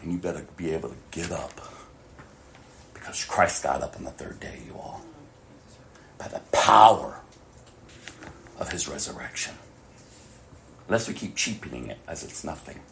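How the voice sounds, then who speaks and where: A male pastor preaching a sermon with passion, laughing often and swinging between shouts and hushed whispers. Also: a bass voice, lively intonation, normal speed, vocal fry, pauses often, a little hiss or hum.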